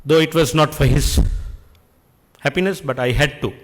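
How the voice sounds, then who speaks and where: A middle-aged man, giving an earnest, deliberate speech at an industry function and posing rhetorical questions. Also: fairly high pitch, in a large hall. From Sri Lanka. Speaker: public speaker addressing an industry function. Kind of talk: speech at an event. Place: function hall.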